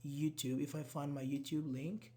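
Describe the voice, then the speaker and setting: A man with a fairly high voice runs a casual online English lesson and answers questions from chat. He is not a native speaker, so his grammar is loose, and he repeats words as he looks for the next thought. He speaks straight to his students. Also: flat delivery, normal speed, a little mellow. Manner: casual, talks directly to students. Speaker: English teacher.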